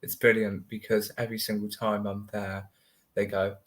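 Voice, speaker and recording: A man's voice: lowish voice, little pitch movement, normal speed, a bit bright. A man chatting casually as a guest, laughing often and filling his speech with "like". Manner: laughs often, many fillers like "like". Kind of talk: casual chat.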